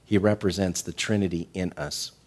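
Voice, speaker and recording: A middle-aged man preaching a sermon, animated, rising to loud emphatic peaks and falling to soft, tender passages. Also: deep voice, moderate pace. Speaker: pastor.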